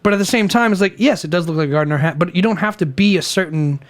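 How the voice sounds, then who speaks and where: A young man with a fairly high speaking voice co-hosts a relaxed beer-drinking podcast. He rambles through his points, restarts sentences and laughs often. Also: very fast. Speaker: podcast co-host. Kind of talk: casual chat over beers.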